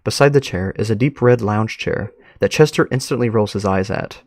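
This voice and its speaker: A man streaming live, reading an online story aloud and reacting with frequent laughs and excited remarks. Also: lowish voice, moderate pace, no room sound, studio quality.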